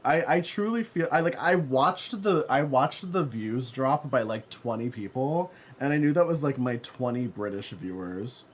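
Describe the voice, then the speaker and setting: A man's voice: medium pitch, moderate pace, few pauses, slight background noise. A man livestreaming a game, chatting casually and playfully with his chat and laughing often. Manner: campy, playful, reads chat aloud; laughs often, yells when excited.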